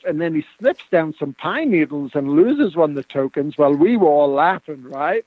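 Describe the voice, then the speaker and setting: Laughing storyteller on a tinny phone line. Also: male voice, a little high, moderate pace, few pauses, no echo. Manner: chatty, laughing anecdotes. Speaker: guest metal detectorist. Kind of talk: casual storytelling on a call-in radio show.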